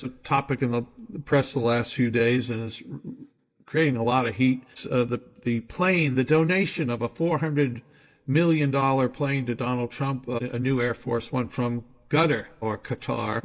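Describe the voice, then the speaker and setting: A man hosting an interview in a chatty, opinionated way. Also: medium pitch. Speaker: host. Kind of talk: casual interview.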